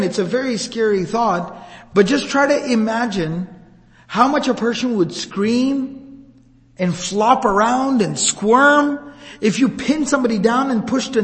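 A male religious teacher tells an old account in a relaxed, conversational way, with a high voice. He paints scenes vividly and speaks to the crowd like friends. A long reverb fills the hall around him. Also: unhurried. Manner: casual, vivid, conversational retelling. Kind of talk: storytelling lecture.

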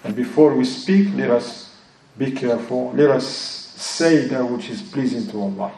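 Heard from a distance in an echoey room, an Islamic teacher with a warm, mid-range voice explains a religious text. He speaks English with a non-native accent and often drops into Arabic phrases and recitation.

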